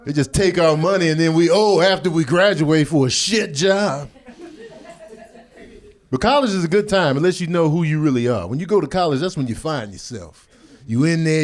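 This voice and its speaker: A man doing an improvised stand-up set with a loud, animated, streetwise delivery. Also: on the high side. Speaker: stand-up comedian. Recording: live comedy club with crowd noise.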